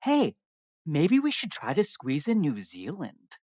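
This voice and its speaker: A woman's voice: low voice, wildly swooping pitch, unhurried, darkish tone, dry recording, clean studio sound, exaggerated voice. A woman playing an eager podcast co-host who hams up a clumsy put-on Australian accent and stumbles over words in a comedic audio drama. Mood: boastful.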